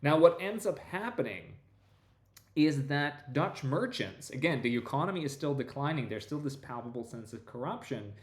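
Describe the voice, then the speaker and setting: Man, professor, conversational explanation, mid pitch, restarts and asides, echoey room. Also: expressive, moderate pace. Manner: discursive, many restarts and "right?" tags. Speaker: history professor guest. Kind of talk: conversational lecture-style explanation.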